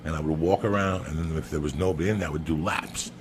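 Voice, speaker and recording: A man's voice: extremely low pitch, steady tone, fast talker, noisy background. A man telling a crude, comic story on a podcast, swearing often and calling his listener by name. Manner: profane, emphatic, keeps addressing the listener by name.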